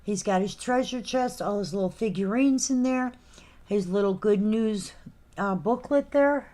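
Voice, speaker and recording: A woman hosting a live figurine sale in casual chat, reading out item names and numbers slowly and clearly. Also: mid-range voice, warm tone.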